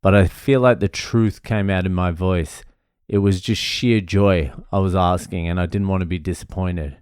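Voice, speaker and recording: A young Australian man with a low, smooth voice, rambling through a casual comedy podcast monologue. He swears freely and laughs at his own stories. The sound is close and dry, with no room around it. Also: steady tone, moderate pace, darkish tone, no room sound. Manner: loose, swearing, laughing storyteller.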